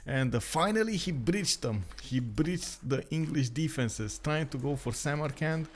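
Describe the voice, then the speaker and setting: A young man casting a live strategy game, talking quickly with many filler sounds and excited outbursts. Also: a little high. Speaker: esports caster.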